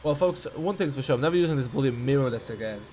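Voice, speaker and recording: A medium-pitched, expressive man talks very fast in a darkish tone, with a little hiss or hum in the audio. Hosting a game channel, he rants in exasperation about a buggy simulator, stammering and repeating himself.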